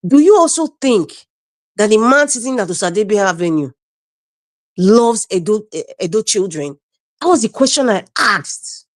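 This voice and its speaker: On a video call panel, a woman with a Nigerian accent argues political points with passion and indignation, driving them home through repetition. Her voice sits in the mid range, and no room sound is audible.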